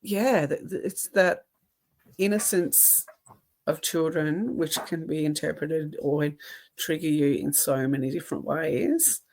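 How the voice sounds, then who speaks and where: Low, slow-speaking woman podcast co-host. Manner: reflective, measured, with soft laughs. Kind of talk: casual podcast chat.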